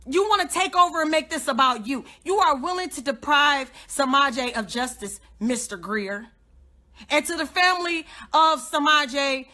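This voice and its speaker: A young woman giving an impassioned, confrontational live rant, repeating her points and swinging between loud outbursts and low muttering. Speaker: godmother and activist livestreamer.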